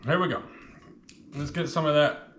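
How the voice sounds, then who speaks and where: A man's voice: fairly high pitch, steady tone, moderate pace, fairly bright tone, roomy sound, slight background noise. A man casually reviewing spicy chips on his vlog, chatting with his mouth full while the heat burns. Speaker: food reviewer.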